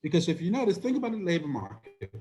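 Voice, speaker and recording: Male economics instructor, hoarse from losing his voice, slightly high pitch, patient explainer. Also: wildly swooping pitch, fast talker, dark tone. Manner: explanatory, asks rhetorical questions. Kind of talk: recorded lecture.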